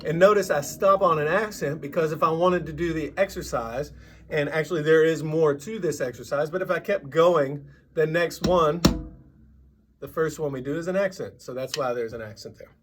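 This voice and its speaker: A man teaching a drum lesson, patiently explaining and counting sixteenth-note rhythms out loud. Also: a little high, normal speed, music in the background.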